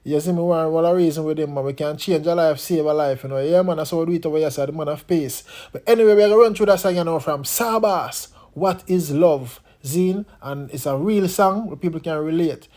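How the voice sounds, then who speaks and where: Jamaican man, vlog host, pleading preacher-like tone, mellow raised voice. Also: a little high, a little fast, hardly any pauses. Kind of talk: news commentary vlog.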